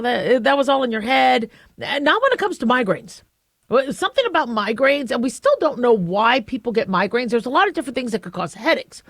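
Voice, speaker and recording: A middle-aged woman hosting a talk radio show, chatting in a loose, self-deprecating way and often restarting her sentences. Her voice sits a little high and is recorded close and dry in a studio. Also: dry recording. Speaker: radio show host and physician. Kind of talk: casual talk radio monologue.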